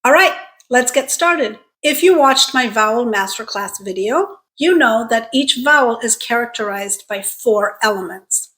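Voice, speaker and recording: A woman with a somewhat high voice leads a pronunciation lesson. She talks straight to her viewers in an encouraging, clear way and slows down to stretch out the sounds she models. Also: animated, fairly bright tone. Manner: clear, deliberate teaching with drawn-out model sounds; encouraging, direct address to viewers. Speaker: accent coach.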